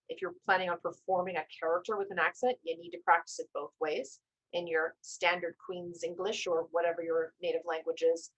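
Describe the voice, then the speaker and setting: A woman teaching a storytelling class on a video call, coaching with gentle reassurances and casual self-corrections. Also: lowish voice, low-quality recording. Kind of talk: live online class, instructive and conversational.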